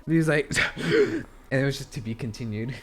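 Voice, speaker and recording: A man's voice: medium pitch, wildly swooping pitch, normal speed, breathy edge. A young man, a podcast co-host, casually retelling a dream and acting out his own lines. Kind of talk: casual chat. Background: faint background music.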